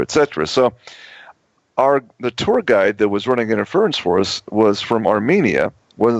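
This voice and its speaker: A man's voice: fairly low pitch, dry recording. A man hosting a talk show, telling a long story in a rambling way with many restarts and repeated words. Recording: dull lo-fi audio.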